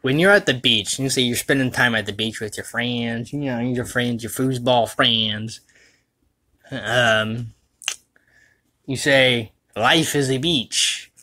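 A young man chatting loosely on a home livestream, rambling and poking fun at himself. His tone is bright and forward, sitting in an ordinary middle pitch. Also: steady tone. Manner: rambling, self-mocking, quick to laugh. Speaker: vlogger and voice dubber. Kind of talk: rambling casual livestream chat.

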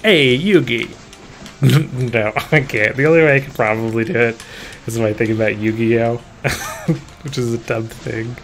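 A man streaming a game live, chatting casually in a relaxed, self-deprecating way and mumbling to himself. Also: medium pitch, normal speed, faint music behind.

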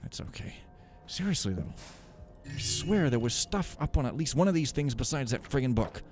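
A man's voice: mid-range voice, big pitch swings, moderate pace, music in the background. A man hosting a let's play, chatting casually and jokily, and reading in-game stories aloud in a dramatic storytelling voice. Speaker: gaming channel host.

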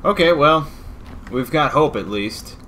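A man's voice: on the high side, expressive, unhurried, bright, forceful tone, slight background noise. A man giving casual gameplay commentary with joking, sarcastic asides. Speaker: video game let's-player.

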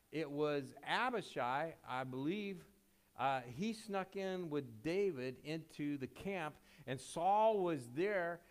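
A man preaching in a loose, conversational way, stopping to correct himself and fill pauses. His voice sits a little higher than most men's. When he reads scripture aloud, he rises in pitch and volume. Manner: conversational preaching with many fillers and self-corrections. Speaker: pastor. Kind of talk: sermon.

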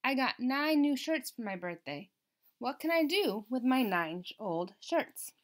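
A woman's voice: high voice, sing-song, unhurried. A woman voicing a curious young boy in a children's storybook.

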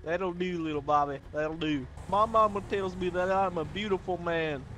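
A man's voice: sits high, normal speed, fairly bright tone, a little hiss or hum. A man role-playing a jittery, rowdy redneck who wants to recruit people into his gang, talking in a folksy way. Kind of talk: video game role-play.

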